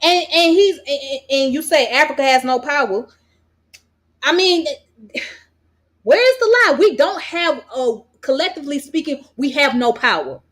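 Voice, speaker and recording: A woman's voice: high voice, normal speed, a bit bright. An American woman vlogger delivering a heated commentary rant, blunt and profane, hammering her points with repetition. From United States.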